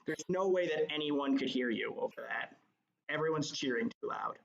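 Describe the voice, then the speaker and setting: Male game master, fairly high voice, loose rambling narration, roomy muffled sound. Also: normal speed, creaky. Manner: rambling descriptive narration with fillers. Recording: echoey, dull lo-fi.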